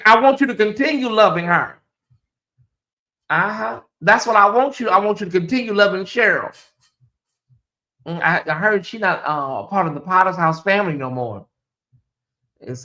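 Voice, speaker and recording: A man with a high, bright voice hosting a casual livestream. He talks straight to his viewers, reads their comments aloud and breaks into mocking put-on voices. His delivery is animated and chatty. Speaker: host.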